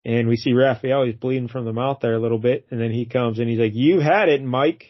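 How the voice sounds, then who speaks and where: A man's voice: medium pitch, level tone, fast talker, dry recording, lo-fi sound. A man co-hosting a casual comic book review show, laid-back and laughing often as he recaps the story. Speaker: podcast co-host.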